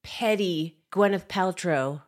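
A woman's voice: on the low side, slow pace. A woman co-hosting a casual chat, chatty and giggly. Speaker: co-host.

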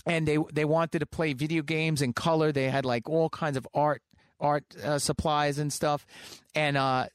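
Animated man in his thirties. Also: on the high side, moderate pace, clean tone, no room sound, studio quality. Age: 30s. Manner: animated, laughs often, trails off with fillers. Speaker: guest musician. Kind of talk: casual storytelling interview.

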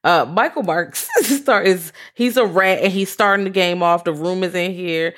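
A woman's voice: lowish voice, normal speed, fairly bright tone. A woman co-hosting a podcast, talking through horror films in a laid-back, joking, slangy way. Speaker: podcast co-host. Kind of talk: casual chat recapping films.

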